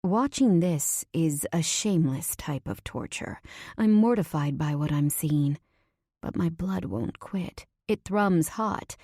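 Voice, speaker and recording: Low-voiced woman narrating a romance audiobook. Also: animated, slow pace, mellow, no room sound, clean studio sound. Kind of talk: first-person audiobook narration.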